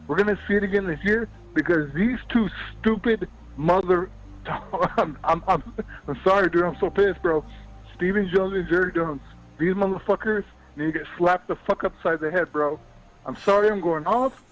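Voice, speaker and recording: Swearing caller ranting at high pitch. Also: male voice, normal speed, highs cut off. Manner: yelling, profane, repeats himself. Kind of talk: angry call-in rant.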